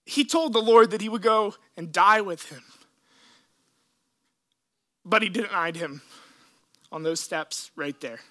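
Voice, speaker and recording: A man preaching a sermon, retelling scripture in an earnest, emotional way with dramatic pauses. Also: high-pitched, fairly bright tone. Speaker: pastor.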